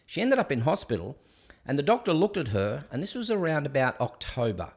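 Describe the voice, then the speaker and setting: A man's voice: on the high side, big pitch swings, fairly quick, breathy edge. A man, hosting a live show and telling stories in a rambling, conversational way full of fillers. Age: 60s. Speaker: podcast host. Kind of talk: live casual chat and rant.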